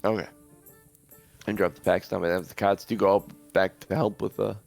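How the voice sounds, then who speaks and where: A man narrating a tabletop game as game master, halting, with many pauses and restarts. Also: deep voice, steady tone, vocal fry, darkish tone, soft background music.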